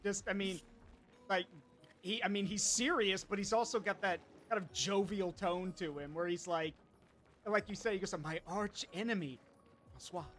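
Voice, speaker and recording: A man's voice: high-pitched, moderate pace, a bit bright. A man streaming a video game in casual commentary, chatty and often bursting into laughter.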